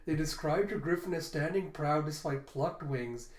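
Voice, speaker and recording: A man recaps a comic chapter in a relaxed reaction video and reads the dialogue aloud in a fairly high voice. He keeps cracking up as he goes. The room around him is echoey. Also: moderate pace. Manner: retells the story, breaking into laughter. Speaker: manga reviewer. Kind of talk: casual reaction recap reading lines aloud.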